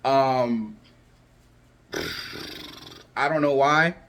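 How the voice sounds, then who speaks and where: A man's voice: mid-range voice, extremely slow, a bit bright, a little hiss or hum. A man vlogging his predictions in a loose, chatty way, full of fillers and restarts, his voice cracking a little. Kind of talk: casual chat to camera.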